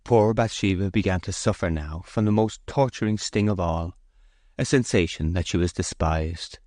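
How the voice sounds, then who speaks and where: A man narrating a classic novel as an audiobook in measured, even scripted narration. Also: sits low, no echo, studio quality.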